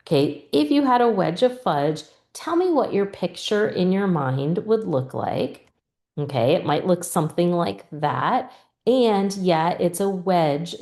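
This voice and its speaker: Slow, low-voiced woman teacher. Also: dark tone, roomy sound. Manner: patient, modeling student questions and answers. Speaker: reading teacher trainer. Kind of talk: instructional explanation.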